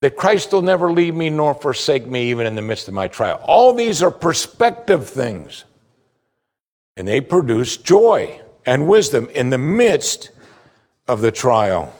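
A man preaching a sermon as pastor, animated, acting out the voices he quotes. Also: medium pitch, a little slow. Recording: hall reverb.

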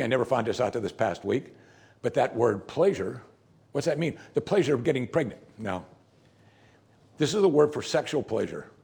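A male preacher with a gravelly, very husky voice at a middle pitch. He reads scripture and talks it through conversationally, posing questions to his listeners and answering them himself. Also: a little mellow. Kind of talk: sermon with scripture reading.

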